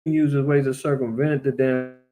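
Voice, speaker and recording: A man's voice: medium pitch, level tone, normal speed, dark tone. A man giving a casual, blunt and profane commentary on current events.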